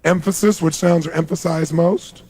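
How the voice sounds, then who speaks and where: A man speaking as a motivational speaker at a live seminar, guiding an audience through exercises in an animated, coaxing way, with a gravelly voice. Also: fairly high pitch, moderate pace. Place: large hall with a live audience.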